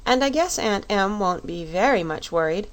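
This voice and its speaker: A woman's voice: mid-range voice, lively intonation, normal speed, natural voice. A woman voicing a sincere young farm girl in a storybook, talking plainly. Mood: thoughtful.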